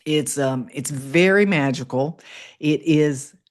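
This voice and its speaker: A woman's voice: takes it slowly, darkish tone. A woman hosting a casual motivational livestream, chatty and encouraging, reading and answering viewer comments. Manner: upbeat and encouraging, with swoops up in pitch on exclamations. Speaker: livestream host.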